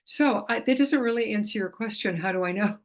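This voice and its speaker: A woman's voice: medium pitch, brisk. Chatty middle-aged woman, laughing restarts. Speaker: animal communicator. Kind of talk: casual talking-to-camera explainer.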